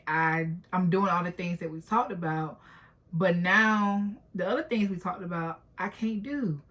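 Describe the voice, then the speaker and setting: Vlogger, woman, late 20s, lower voice, open and heartfelt, speaks directly to camera. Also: a bit bright. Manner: candid, emotional, talks straight to viewers. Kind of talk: personal vlog talk.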